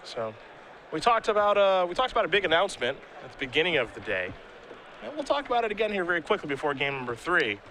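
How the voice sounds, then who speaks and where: Bright-voiced male play-by-play commentator. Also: a little high, big pitch swings, fast talker, slight background noise. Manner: playful, teasing banter. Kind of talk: live tournament commentary.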